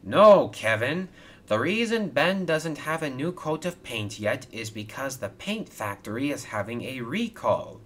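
A man's voice: mid-range voice, very animated, unhurried, few pauses, a bit bright, a little hiss or hum, pitched above the performer's own voice. A man voicing a stern, hardworking male crane boss in a toy train storybook video, firm and exasperated. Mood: cross.

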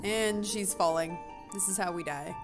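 A woman's voice: medium pitch, normal speed, music in the background. A young woman giving casual, gushing commentary while she plays a game, giggling often. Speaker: gaming streamer. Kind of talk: casual let's-play commentary.

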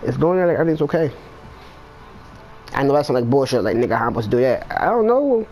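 A man's voice: mid-range voice, big pitch swings, fast talker, a little mellow, faint music behind, rough recording. A man chatting casually with a friend during an online game, profane and slangy, trading banter and blunt advice. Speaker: gamer in voice chat. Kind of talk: casual gaming chat.

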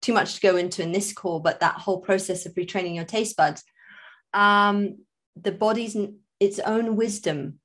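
Female health coach guest, calm reflective explainer, medium pitch. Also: normal speed. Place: video call.

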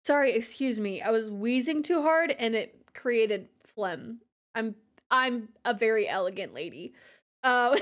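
A woman's voice: high voice, sing-song, unhurried. A woman streaming a game, chatting casually with her viewers, giggling and cracking crude jokes. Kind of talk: casual livestream chat while playing.

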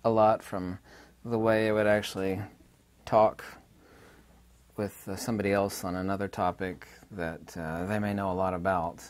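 A man in a solo lecture-style monologue, speaking deliberately with fillers and restarts, leaning hard on key terms. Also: deep voice, level tone, smooth. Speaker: channel host explaining science theory.

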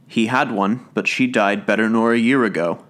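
A man voicing a plain-spoken house servant, gently turning a girl away. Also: lowish voice, normal speed, natural voice. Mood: gentle.

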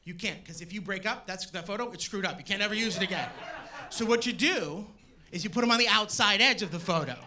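A man doing a stand-up comedy set on stage, animated and shouting his punchlines. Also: high voice, quick pace. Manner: animated, loud punchlines to a laughing crowd. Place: comedy stage before a live audience. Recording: live show with loud crowd laughter.

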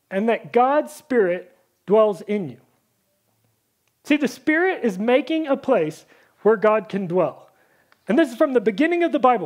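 High-voiced, chatty woman preacher. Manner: chatty, full of "like", acts out Bible characters. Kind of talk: casual sermon.

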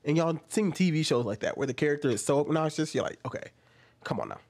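A man's voice: a little high, fast. A man giving casual reaction commentary on a video, incredulous and full of rhetorical questions. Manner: animated and incredulous, rhetorical questions, mimicking asides.

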